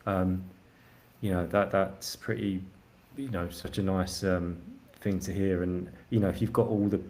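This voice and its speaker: A very deep-voiced man hosts a podcast interview. He asks long, meandering questions with lots of fillers and restarts. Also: steady tone, unhurried, a little mellow. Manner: hesitant, rambling questions full of fillers. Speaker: podcast host.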